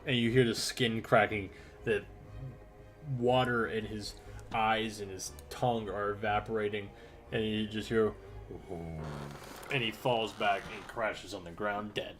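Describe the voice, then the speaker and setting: A man's voice: on the low side, little pitch movement, unhurried, a bit bright, faint music behind. A man running a tabletop role-playing game, narrating the action casually and vividly. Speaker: game master.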